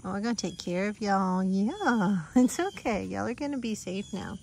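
A Southern American woman filming herself outdoors, sweet-talking animals in a soft, cooing baby-talk voice. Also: medium pitch, normal speed, gravelly, slight background noise. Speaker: vlogger and mother on a family farm. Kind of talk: casual vlog, coaxing animals. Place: outdoors on a rural roadside.

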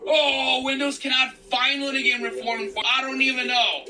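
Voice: high voice, level tone, normal speed, hardly any pauses, recorded from a distance, over loud music, rough recording. A gamer reacting to a horror game, swearing, gasping and shrieking at each jump scare. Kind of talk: screaming game reaction commentary.

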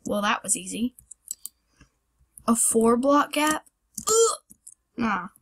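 Slow-talking young woman gaming commentator. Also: on the high side, animated, a bit bright, breathy edge. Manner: rambling, self-deprecating, yelps and gasps at fails. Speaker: gaming channel host. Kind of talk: casual gameplay commentary.

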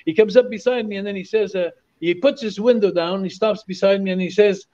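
A lively male storyteller from Canada who is a guest on a podcast, repeating phrases for emphasis. His voice sits high, and the recording is dull and lo-fi. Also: brisk, hardly any pauses. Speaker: podcast guest, former wrestler. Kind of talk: animated storytelling. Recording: dull lo-fi audio.

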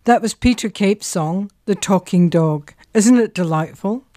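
A woman's voice: medium pitch, a little slow, warm tone, soft background music. A woman hosting a local history show, chatting casually and searching for words with the odd filler. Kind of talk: casual radio-style chat.

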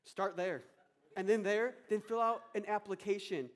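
A man's voice: sits high, moderate pace. A male pastor preaching a sermon with energy, acting out quotes and prayers.

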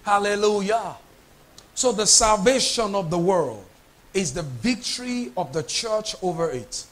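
A man's voice: high voice, sing-song, unhurried. A man preaching a sermon as pastor, emphatic and repetitive, putting questions to his congregation.

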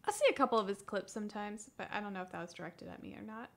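A woman in her thirties answers livestream chat questions casually and softly, hesitating and restarting often. Her medium-pitched voice comes out rapid-fire.

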